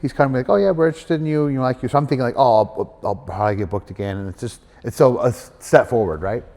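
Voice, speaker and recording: A middle-aged man telling his story in a casual interview, animated, acting out other people's voices, with many fillers. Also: medium pitch, quick pace. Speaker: guest wrestler. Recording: hall reverb.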